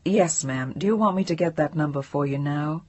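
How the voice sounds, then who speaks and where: A woman's voice: deep voice, moderate pace, darkish tone, dry recording, highs cut off. A woman narrator voicing a formal, businesslike female telephone operator.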